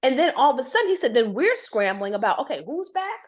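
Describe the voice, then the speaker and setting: A woman guest telling a long career story in a conversation, acting out what others said to her with big jumps in pitch. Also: fast. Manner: animated, acts out quoted voices with big pitch jumps.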